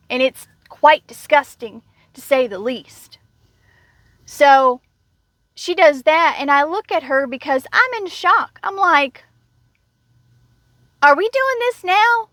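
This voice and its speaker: A woman's voice: high-pitched, a little slow, fairly bright tone, no echo. A woman telling a story in a casual vlog rant, blunt, indignant and sarcastic. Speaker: vlogger.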